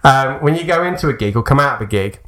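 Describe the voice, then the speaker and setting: A man's voice: mid-range voice, lively intonation, fast talker, a bit bright. Chatty man, lots of laughter. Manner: chatty, laughs a lot, puts on voices for anecdotes. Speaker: podcast co-host. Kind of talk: casual chat.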